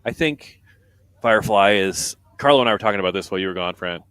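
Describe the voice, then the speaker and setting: A man's voice: fairly low pitch, fast, fairly bright tone, clean tone, no echo. A man doing live race commentary from a booth, reading out team standings and viewer comments in a chatty way.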